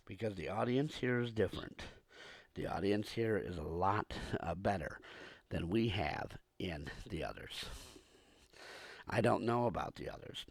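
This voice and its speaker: Male podcast host with a cold, low gravelly voice, repetitive aggrieved rant full of pauses. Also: no room sound. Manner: repetitive, aggrieved, pausing often. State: hoarse with a cold, coughing. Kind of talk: ranting monologue to listeners.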